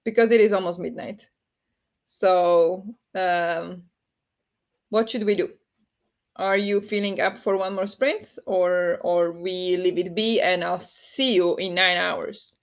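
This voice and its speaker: A woman's voice: on the low side, fairly even intonation, slow, highs cut off. A woman with a Flemish accent hosting a casual livestream from home, laughing often and reading the chat aloud. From Flanders. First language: Dutch. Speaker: livestream host. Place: home at night.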